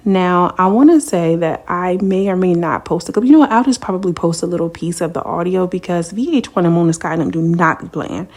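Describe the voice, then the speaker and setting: A woman giving casual commentary on a reality show, chatty and animated, talking straight to her viewers. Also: lowish voice, fairly quick, few pauses. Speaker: commentary vlogger.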